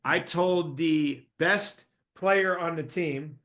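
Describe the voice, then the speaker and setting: A man's voice: a little high, slow pace, a bit bright. A man hosting a coaching podcast, reflecting on the guest's stories with examples of his own. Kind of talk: casual interview chat.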